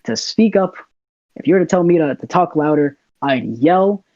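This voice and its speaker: On a podcast, a young American man converses casually and easily, laughing here and there. He sounds animated at normal speed, his voice on the high side with a darkish tone, and the dull lo-fi audio is dry.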